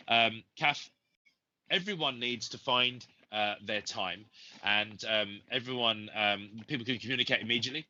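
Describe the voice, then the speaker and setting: A man with a cold, hosting a live psychic reading show in a gentle, rambling way full of ums and uhs. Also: medium pitch, moderate pace, muffled recording, slight background noise. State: has a cold. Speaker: psychic medium host.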